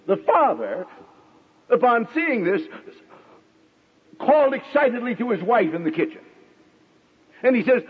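A middle-aged man delivers a sermon in a high, husky voice that rises and falls dramatically. He leans on long pauses and now and then acts out the people in his stories. The sound is dull and lo-fi, like an old radio broadcast. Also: very animated, long reverb tail. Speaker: preacher.

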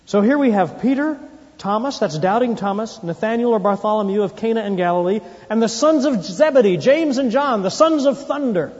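A man preaching a sermon in an animated, folksy storytelling way, acting out quotes, recorded with dull lo-fi sound and long hall reverb. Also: sits high, a little fast.

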